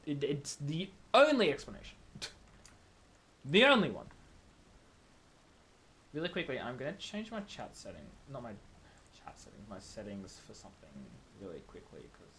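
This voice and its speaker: A man's voice: medium pitch, wildly swooping pitch, moderate pace, long pauses, a bit bright, a little hiss or hum. A man streaming a game, chatting casually in a rambling, self-mocking way full of fillers. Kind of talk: casual gameplay chat.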